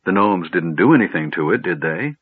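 A man voicing an eager, curious small male kender who talks quickly and inquisitively. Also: sits low, expressive, husky, no echo. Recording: dry, tinny phone-like audio.

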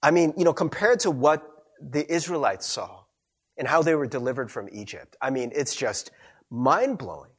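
A young man preaching a sermon as a pastor, telling stories in a chatty, animated way with frequent laughs and a husky voice. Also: medium pitch, normal speed.

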